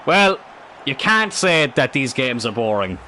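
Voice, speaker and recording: A man's voice: medium pitch, big pitch swings, moderate pace, pushed and bright, a little hiss or hum. A young man with a Cork Irish accent, chatting casually while streaming a football game and correcting himself as he goes. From Ireland. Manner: rambling, self-correcting. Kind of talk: casual gaming stream chat.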